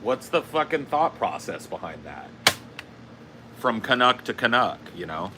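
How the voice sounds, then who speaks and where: A man's voice: lowish voice, big pitch swings, measured pace, noisy background. A man streaming live, ranting casually with lots of swearing and repeating himself. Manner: profane, rambling rant; frequent coughing. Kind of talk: casual livestream chat.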